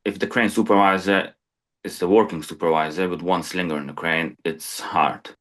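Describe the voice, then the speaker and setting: A man's voice: deep voice, steady tone, normal speed, a bit bright. A man who is a crane supervisor, talking in casual podcast chat, plain-spoken and peppered with "you know".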